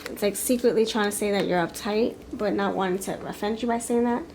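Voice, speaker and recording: A woman's voice: medium pitch, fairly even intonation, brisk, a little mellow, slight background noise, poor audio. A woman giving a pick-a-card tarot reading, thinking aloud in a rambling, frank way with many fillers and restarts. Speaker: tarot reader.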